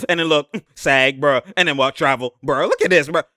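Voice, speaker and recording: A young man giving a casual, slangy breakdown of basketball footage. He gets excitable and laughs a lot. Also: on the high side, moderate pace, dry recording, clean studio sound. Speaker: basketball commentator.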